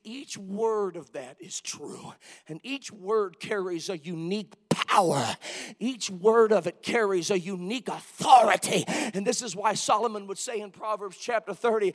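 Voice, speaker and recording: A man preaching a sermon who moves from quiet reflection to shouted, emphatic passages. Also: sits high, unhurried, in a large hall.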